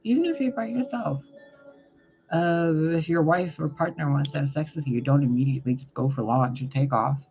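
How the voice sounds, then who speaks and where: A man's voice: on the high side, normal speed, gravelly. A man giving casual spiritual advice as a tarot reader, talking bluntly and swearing freely. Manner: blunt, profane, chatty. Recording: dull lo-fi sound with loud music. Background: music.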